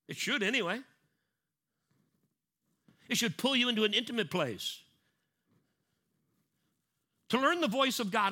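A man's voice: on the high side, pushed and bright. A middle-aged man preaching a sermon in a conversational way, acting out little scenes and repeating key lines for emphasis. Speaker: pastor.

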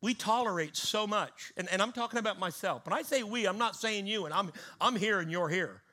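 A man preaching a sermon with a high, bright, ringing voice. He is fervent, bursting out loud and then dropping to hushed asides. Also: a little fast.

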